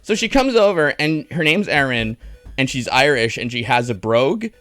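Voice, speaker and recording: A man's voice: medium pitch, lively intonation, normal speed, fairly bright tone, dry recording, faint music behind. A man giving a casual, rambling movie review on a stream, sardonic and full of fillers and restarts.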